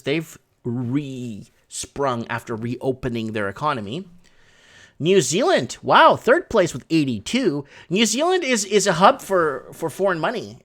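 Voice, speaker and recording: A man's voice: mid-range voice, fairly bright tone. A man hosting a casual online show, chatting loosely as he reacts to foreign news clips and translates them on the fly. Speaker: host. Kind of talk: casual commentary over live news.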